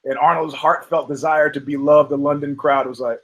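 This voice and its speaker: A man's slightly high, fairly bright voice stays flat in pitch and keeps a normal speed. Hosting a podcast, he riffs on fight results with rambling, profane, self-mocking jokes as casual comedic combat-sports commentary. The sound is lo-fi.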